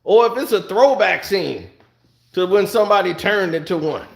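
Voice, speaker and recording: A man's voice: high-pitched, lively intonation, moderate pace, gravelly, echoey room. A man reviewing a TV series in a casual, comedic rant, laughing often and acting out other people's voices. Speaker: TV review vlogger.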